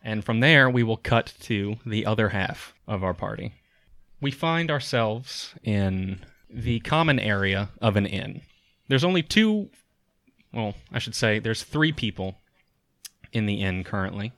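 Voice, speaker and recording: A man running a tabletop game as game master, narrating scenes in a descriptive way with frequent pauses and fillers. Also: fairly low pitch, animated, a bit bright, dry recording.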